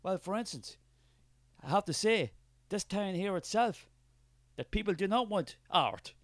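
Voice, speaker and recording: A man's voice: high voice, expressive, measured pace, no room sound. An Irish man doing a scornful penny-pinching skeptic. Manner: scornful, defensive, dismissive. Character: suspicious, money-minded male skeptic, scornful and defensive. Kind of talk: comic character sketch.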